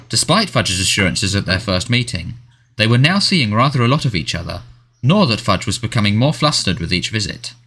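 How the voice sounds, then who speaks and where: Bright, expressive male storyteller. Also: on the low side, a little hiss or hum. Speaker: audiobook narrator. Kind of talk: scripted narration.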